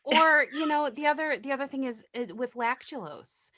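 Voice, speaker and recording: A woman's voice: high-pitched, normal speed, background noise. A woman nurse in casual podcast chat, telling work stories bluntly and swearing freely.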